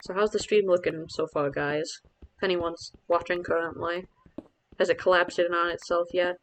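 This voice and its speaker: A man's voice: sits high, fairly even intonation, normal speed, a bit bright, slight background noise, poor audio. Chatty self-mocking man streaming a game. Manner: rambling, self-deprecating, chatty with viewers. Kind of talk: casual live-stream commentary.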